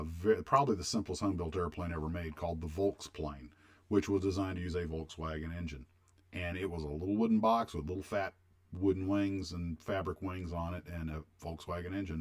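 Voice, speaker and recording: A deep-voiced older man from the United States hosts a casual livestream. He rambles warmly through memories, stops to answer viewers' questions, and keeps the tone loose and conversational. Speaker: livestream host.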